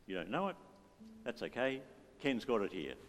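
A worship leader with a lowish, very animated voice speaks at normal speed, leading a church service in a playful, joking manner and coaxing the congregation to join in. The reverberant church hall carries faint music and slight background noise.

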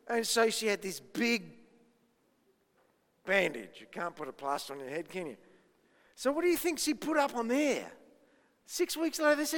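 A man's voice: high-pitched, a bit bright, big-room sound. A man giving a playful children's talk at church, asking the kids lots of questions. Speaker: children's minister.

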